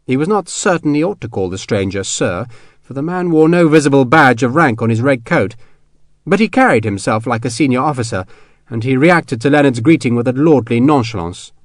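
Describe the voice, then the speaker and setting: A man reading an audiobook in a steady, measured manner, his voice pitched in an ordinary middle register. The recording is dry and close, with no room sound. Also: dry recording. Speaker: audiobook narrator. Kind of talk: scripted narration.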